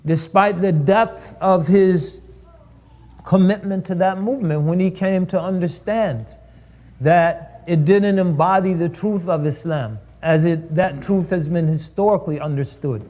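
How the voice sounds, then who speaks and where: A man's voice: high voice, a little slow, a little mellow. A man giving a preaching lecture at a live-streamed event, building rhetorical lists and repeating phrases for emphasis.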